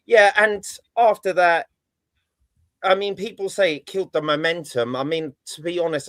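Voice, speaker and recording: A man's voice: high-pitched, no room sound. A man on a football podcast panel, talking in a sarcastic, ranting way. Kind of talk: casual football chat.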